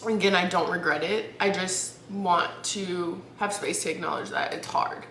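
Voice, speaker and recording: A woman, vlogging to a camera she holds up at home. She speaks candidly and haltingly, with restarts and laughter, close to tears. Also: lowish voice, fairly bright tone, reverberant, a little hiss or hum. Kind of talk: casual vlog talk to camera. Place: at home, in bed. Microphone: camera held up.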